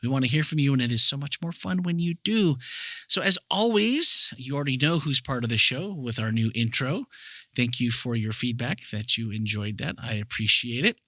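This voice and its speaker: A man's voice: medium pitch, animated, moderate pace, bright, forceful tone, no echo. A man hosting a church podcast in an upbeat, chatty way, reading listener messages and running a giveaway. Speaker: podcast host. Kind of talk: casual chat, hosting.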